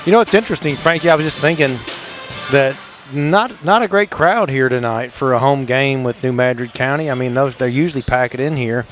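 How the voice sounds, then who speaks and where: A man's voice: medium pitch, fairly quick, fairly bright tone, faint music behind. A male basketball color commentator chatting in a laid-back, rambling way and chuckling often. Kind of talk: casual radio sports banter.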